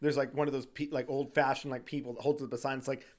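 A man's voice: medium pitch, flat delivery, quick pace, darkish tone. A man co-hosting a podcast in casual chat, loose and giggly, often acting out quotes. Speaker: podcast co-host.

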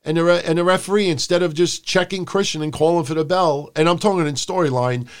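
A man co-hosting a wrestling podcast, recapping the show in casual, profane chat and shouting out quotes in a high voice. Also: quick pace, smooth. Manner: animated, profane, mimics people in loud high shouts. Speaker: podcast co-host.

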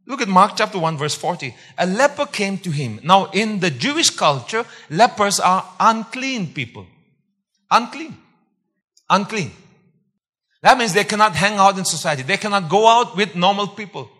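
A man preaching a sermon, emphatic, repeating phrases and swinging loud for stress. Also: sits high, animated, moderate pace, in a large hall.

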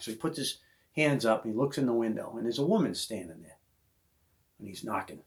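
A man hosting a podcast, telling a hunting yarn in relaxed, casual conversation. He talks at an everyday middle pitch and jumps into high, loud voices whenever he plays the other people in the story. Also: fairly quick, slight background noise. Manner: animated storyteller who acts out voices of others. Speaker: podcast host.

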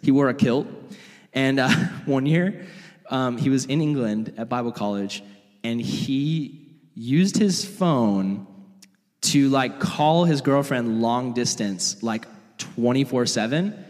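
A young man preaching a storytelling sermon as a youth pastor, animated and casual with frequent laughs. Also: mid-range voice, slow pace. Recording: long hall reverb.

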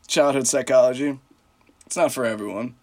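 A man's voice: medium pitch, fairly quick, a little mellow. A man co-hosting a casual podcast, ribbing his friend and arguing for fun. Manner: teasing, argumentative banter. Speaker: podcast co-host. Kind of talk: casual chat.

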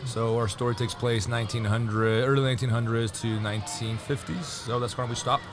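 A man's voice: mid-range voice, fairly even intonation, brisk, music in the background. A man commentator talking into a headset, explaining at length in a rambling, thoughtful way. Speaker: guest, tournament commentator. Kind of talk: casual interview chat. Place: tournament venue table. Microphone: headset mic.

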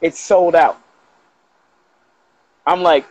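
A middle-aged man telling a story as a podcast guest, casual and animated, acting out other people's lines as he goes. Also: sits high, moderate pace, poor audio. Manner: animated, acts out quoted dialogue with profanity.

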